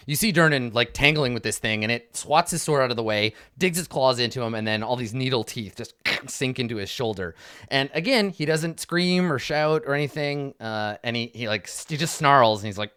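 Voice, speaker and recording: A man's voice: mid-range voice, fairly bright tone, clean tone, no room sound, studio quality. A man narrating as game master in a tabletop game, describing the combat loosely with many fillers and restarts.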